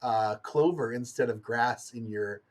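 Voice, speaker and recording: A young man hosting a casual chat, giggly and hesitant, with many pauses and ums. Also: mid-range voice. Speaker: host.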